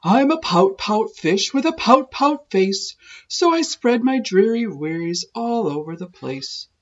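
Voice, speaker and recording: A woman's voice: medium pitch, lively intonation, measured pace, highs cut off. A woman voicing a glum, mopey storybook fish. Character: glum gloomy male fish, resigned and mopey. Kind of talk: children's storybook read-aloud.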